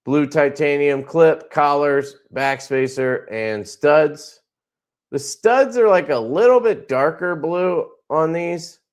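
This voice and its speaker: Slow-talking laid-back man on a livestream. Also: on the high side. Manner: laid-back, rambling, crude off-color jokes. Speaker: knife company owner hosting a livestream. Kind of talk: casual livestream chat showing products.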